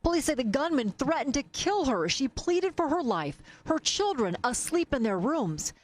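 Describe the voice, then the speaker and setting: A woman reading a scripted news voice-over in a crisp, even style. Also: high-pitched, normal speed. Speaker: news narrator.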